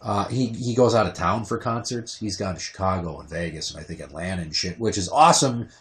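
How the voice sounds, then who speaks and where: Young male podcast host; profane, lively storyteller who breaks into loud outbursts. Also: sits low, fairly quick. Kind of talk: casual podcast chat.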